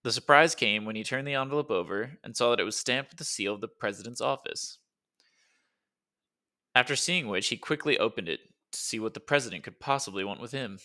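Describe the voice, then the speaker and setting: Bright-voiced male audiobook narrator. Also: mid-range voice, brisk. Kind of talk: scripted narration.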